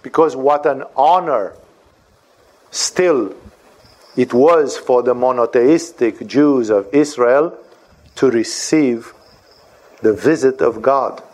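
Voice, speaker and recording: A man giving an animated lecture on scripture, often asking rhetorical questions and checking for agreement. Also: medium pitch, slow, long pauses. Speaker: spiritual teacher.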